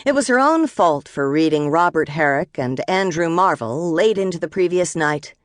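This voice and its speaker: A woman narrating an audiobook in a measured, expressive storytelling manner, recorded close in a studio. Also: low-pitched, no room sound.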